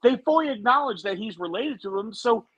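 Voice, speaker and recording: A man co-hosting a wrestling podcast in casual chat, joking and incredulous in an animated way. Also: very high-pitched, a little fast, highs cut off. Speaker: podcast co-host.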